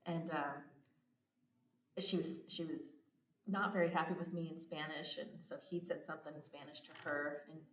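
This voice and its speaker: A woman's voice: low voice, fairly even intonation, moderate pace, a bit bright, a little hiss or hum. A woman hosting a podcast, chatting casually and telling stories with frequent laughter. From United States. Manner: chatty storytelling, laughs often. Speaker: podcast host. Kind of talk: casual chat. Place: home abroad, indoors. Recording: echoey room.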